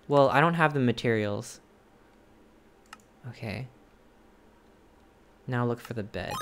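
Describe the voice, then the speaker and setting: A streamer chatting with viewers while playing a game live, thinking aloud in hesitant questions and gasping in excitement at each new find. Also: medium pitch, takes it slowly, long pauses. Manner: excitable, gasping and exclaiming at discoveries.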